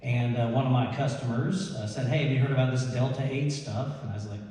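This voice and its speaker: Animated man telling a story in an echoey hall. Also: medium pitch, a little fast, a little hiss or hum. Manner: animated, laughing storyteller who acts out quotes. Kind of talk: personal story told to an audience. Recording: echoey hall, mic far off.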